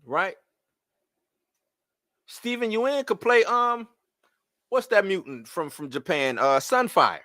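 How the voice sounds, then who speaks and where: Live-stream host, man, bright high voice, exasperated rhetorical rant, dry close sound. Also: slow, long pauses, no room sound. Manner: animated, rhetorical questions, exasperated. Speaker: host of a live movie-news show. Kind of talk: casual live-stream commentary.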